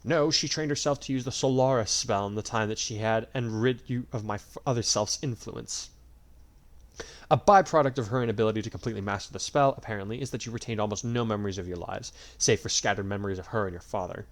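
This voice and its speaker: A man's voice: lowish voice, fast talker, close to an everyday voice. A man doing a smug, cruel dragon god. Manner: mocking, drawling, theatrical.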